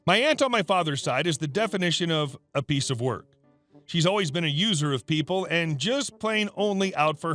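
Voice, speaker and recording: A man reading stories aloud as a narrator, with expressive, animated delivery. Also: a little high. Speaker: story narrator. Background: faint background music.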